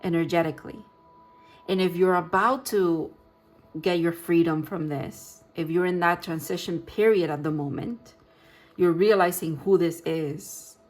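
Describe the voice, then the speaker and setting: Soft-spoken woman giving a tarot reading. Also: lowish voice, unhurried, soft background music. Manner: gentle, reassuring, rambling with restarts. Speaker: tarot reader. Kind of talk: pick-a-card tarot reading.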